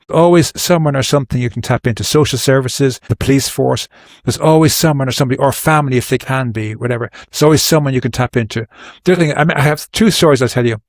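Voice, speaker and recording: An earnest, middle-aged man talks through advice in a loose, rambling way, often restarting his sentences. His voice sits in an ordinary middle pitch. The sound is dry and close, with no room echo. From Ireland. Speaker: podcast guest. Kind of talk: casual advice talk.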